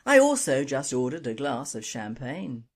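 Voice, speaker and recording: A woman's voice: rumbling low, very animated, moderate pace, breathy edge, heavily acted. A woman voicing a polite, chatty married woman at a bar in a joke.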